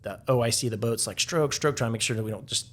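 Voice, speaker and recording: Low-voiced man telling casual stories. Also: fairly even intonation, very fast. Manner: rambling, heavy with "like" fillers, chuckles while telling stories. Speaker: podcast guest, Navy veteran. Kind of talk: casual storytelling interview.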